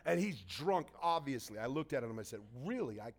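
A man's voice: medium pitch, animated, a little fast. A man preaching a casual, story-driven sermon, acting out the people he quotes. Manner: storytelling, conversational, acts out quotes. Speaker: pastor. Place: church hall.

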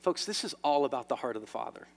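A man preaching a sermon to his church, swinging between loud emphasis and hushed lines. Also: mid-range voice, expressive, fast, gravelly. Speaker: pastor. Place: church sanctuary. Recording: long reverb of a large hall.

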